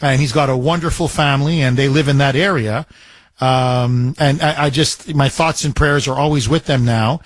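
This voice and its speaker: A man's voice: mid-range voice, steady tone, moderate pace, no room sound. A man hosting a talk radio show, emphatic and repetitive, piling up phrases into a studio mic.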